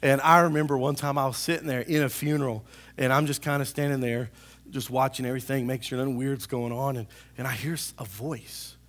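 A man's voice: medium pitch, level tone, brisk, fairly bright tone. A man preaching a sermon as pastor to his church, emphatic, with call-and-response asides to the congregation. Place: church service.

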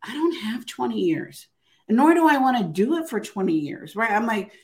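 An older woman, an author appearing as an interview guest, tells her story casually and emphatically, often ending sentences with "right?". Her voice is a little high and sing-song, and she speaks at a normal pace.

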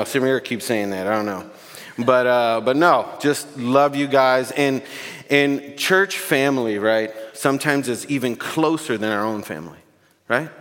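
A guest preacher in a church sanctuary gives a sermon in a casual, warm-hearted style, joking and growing emotional with the congregation. His mid-pitched voice carries a long reverb through the hall.

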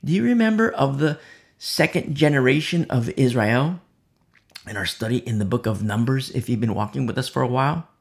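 A man preaching a verse-by-verse sermon who swings from loud emphasis to hushed whispers and repeats key phrases for weight. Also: medium pitch, lively intonation, a little fast, creaky. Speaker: preacher leading a Bible study.

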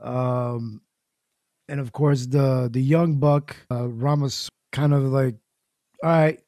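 A podcast host chatting casually, hesitant and full of fillers, often chuckling. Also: male voice, mid-range voice, fairly even intonation, slow pace, mellow, no room sound, clean studio sound. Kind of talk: casual chat.

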